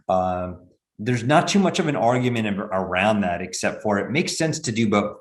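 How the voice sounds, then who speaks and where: A man's voice: on the low side, normal speed, echoey room. A man who is a benefits consultant, talking through retirement plans in a podcast interview, explaining at length with frequent restarts and fillers.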